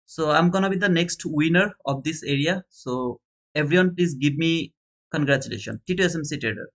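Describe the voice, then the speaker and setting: A man with a South Asian English accent hosting a live stream, chatting casually and reading names aloud with excited bursts. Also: fairly high pitch, a little fast. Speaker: trading channel host running a giveaway.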